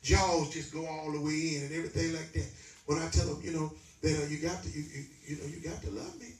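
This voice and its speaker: A man's voice: fairly high pitch, fairly even intonation, fairly quick, soft background music. A man pastor, preaching a conversational sermon that rises to emphatic peaks. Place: church sanctuary. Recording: echoey room from far off.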